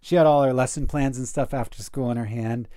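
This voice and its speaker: A man in a casual podcast conversation, telling a personal story in an earnest, animated way. His pitch sits in a middle range for a man. He often fills his sentences with "like" and restarts them as he goes. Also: brisk. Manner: earnest and animated, with frequent "like" and self-corrections.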